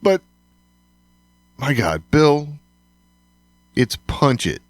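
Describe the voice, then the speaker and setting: A man's voice: medium pitch, sing-song, extremely slow, no room sound. A man co-hosting a podcast in casual chat, agreeable and laughing often. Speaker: podcast co-host.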